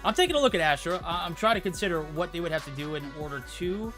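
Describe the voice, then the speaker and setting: A man casting esports, animated and joking, with big swings in loudness. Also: on the high side, fast talker. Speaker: esports caster. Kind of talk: esports commentary. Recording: music playing behind the voice.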